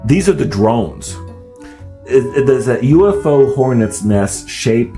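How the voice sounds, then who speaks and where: A man talks through clips in a loose, laughing reaction-video chat, stammering and restarting as he goes. His pitch swings widely and stays lively. Faint music plays underneath. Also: slow pace. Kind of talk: casual reaction commentary.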